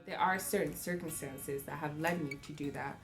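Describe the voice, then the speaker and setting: A woman's voice: sits low, moderate pace. A woman in her thirties, a mother, talking casually and reflectively about raising a child, laughing often and acting out voices. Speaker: parenting vlogger. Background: faint acoustic music.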